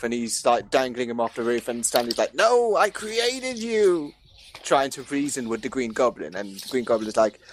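Man riffing on a comic pitch. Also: a little hiss or hum. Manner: rambling, pitches absurd comic scenarios. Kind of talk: casual comedic chat.

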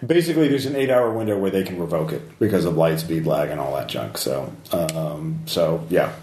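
A man's voice: extremely low pitch, lively intonation, normal speed, a little mellow. A man running a tabletop game as game master, talking loosely with lots of fillers and laughs. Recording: echoey room, faint noise.

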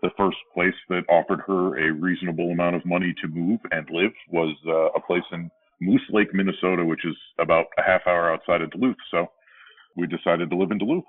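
A man with a very deep, low voice, speaking in a rambling, self-deprecating way as a guest on a casual podcast. The sound is thin and narrow, like it is coming down a phone line. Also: steady tone, brisk, no room sound. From Pennsylvania, USA. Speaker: baseball broadcaster.

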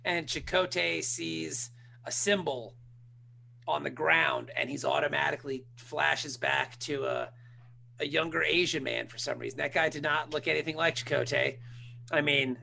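Male podcast co-host, slightly high, gravelly voice, bright tone, casual joking recap. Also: normal speed, slight background noise. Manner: animated, jokey, laughs often. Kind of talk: casual chat, recapping a TV episode.

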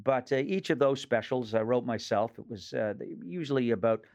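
A man's voice: medium pitch, moderate pace, a little mellow, lo-fi sound. Rambling storytelling comedian, man in his fifties. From Nova Scotia, Canada. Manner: rambling, joke-filled storytelling with many fillers. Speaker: guest comedian. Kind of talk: casual radio interview.

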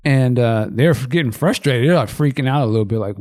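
A man's voice: medium pitch, a little fast. A man on a casual podcast, retelling a movie in vivid, profane detail and acting out the quotes. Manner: animated, profane storytelling with acted-out quotes and laughs. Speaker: podcast co-host.

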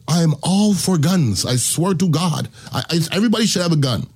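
Husky-voiced man ranting bluntly. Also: fairly high pitch, big pitch swings, normal speed, hardly any pauses, a little mellow. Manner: blunt, ranting, swears freely. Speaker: podcast host. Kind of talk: opinionated podcast monologue.

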